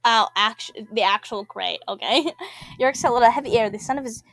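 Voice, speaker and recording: A woman's voice: fairly high pitch, fairly quick, a bit bright, no room sound. A young woman playing a story game, reading its text aloud and rambling with giggly asides that trail off mid-word. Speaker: gamer.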